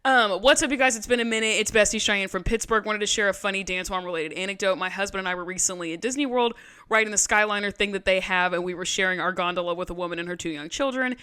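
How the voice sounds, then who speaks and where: A young woman co-hosting a podcast in casual, animated chat, swearing freely and laughing often. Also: medium pitch, quick pace, clean tone. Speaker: podcast co-host.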